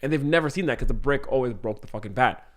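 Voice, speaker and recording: A man's voice: mid-range voice, quick pace. A man co-hosting a comedy podcast, casually improvising a scene and laughing often. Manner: casual, laughs often, acts out lines in goofy voices.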